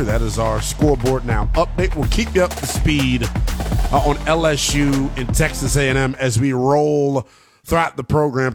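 Hyped sports radio host, man. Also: on the high side. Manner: energetic, hyped, slangy. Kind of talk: college football radio show.

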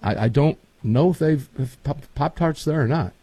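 A man's voice: a little high, moderate pace, slightly rough, dry recording. A man hosting a casual talk show, telling folksy stories with lots of energy. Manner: folksy, animated storytelling. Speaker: show host.

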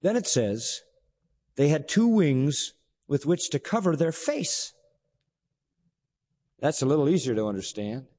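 A man preaching a sermon as pastor, animated, asking rhetorical questions and pausing for effect. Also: fairly high pitch, slightly rough. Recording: long reverb of a large hall.

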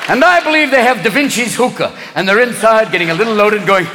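A man doing a fast, manic stand-up comedy routine, slipping in and out of put-on voices. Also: high-pitched, expressive, background noise. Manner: rapid, manic, jumps between put-on voices. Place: stage before a large live audience. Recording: live show in a big hall, loud crowd laughter.

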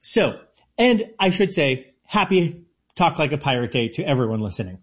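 A man's voice: a little high, big pitch swings, moderate pace, breathy edge. A man co-hosting a casual radio food show, explaining things in an eager way. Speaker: co-host, chef. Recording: muffled lo-fi radio audio.

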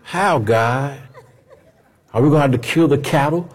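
A preacher voicing Moses as a doubtful, worried leader asking hesitant questions. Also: male voice, medium pitch, normal speed, breathy edge, a faint crowd, voice pushed down, lightly acted.

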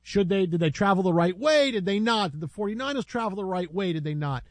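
A man's voice: high voice, lively intonation, fast talker, dry recording. A man hosting a sports radio show, chatting playfully with his co-host and laughing often. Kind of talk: casual studio banter. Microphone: studio microphone.

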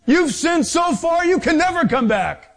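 Sneering devil guy taunting you, high pitched, a preacher doing the voice. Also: big pitch swings, unhurried, fairly bright tone, full character voice. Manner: taunting, mocking. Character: Satan, sneering male tempter taunting a sinner.

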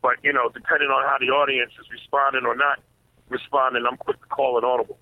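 A man's mid-pitched voice comes through a narrow, tinny phone line with no room sound at all. He is a comedian being interviewed, and he answers in a measured, reflective way. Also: flat delivery, no echo. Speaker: comedian guest.

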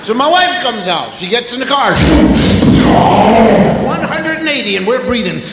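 A man doing stand-up, telling a long story slowly and acting out sounds and voices for a live audience. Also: very high-pitched, sing-song, background noise. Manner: drawn-out, acts out sounds and voices. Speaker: stand-up comedian. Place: theater stage before a live audience. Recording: roomy live hall recording with crowd. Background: audience laughter.

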